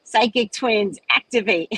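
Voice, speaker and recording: An older woman with a New Orleans accent, from the city itself, hosts a live chat, telling stories animatedly with swings in her voice. Her tone is a little high and husky, and she takes it slowly. The audio is poor, with no echo.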